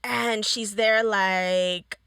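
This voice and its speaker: A woman's voice: medium pitch, steady tone, fairly bright tone, smooth, no room sound, studio quality. A woman hosting a podcast, telling stories casually and quoting the people in them. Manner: slow, drawn-out storytelling, quoting people. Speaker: podcast host. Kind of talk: casual interview chat.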